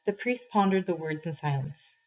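A woman reading a novel aloud to a class in a calm, measured way, pausing for questions, with a husky voice. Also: lowish voice, a little hiss or hum. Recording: dull lo-fi recording.

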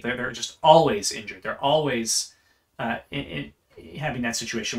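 A man's voice: medium pitch, fairly bright tone. A man teaching church history in an unscripted lecture, earnest and explanatory, often restarting his phrases.

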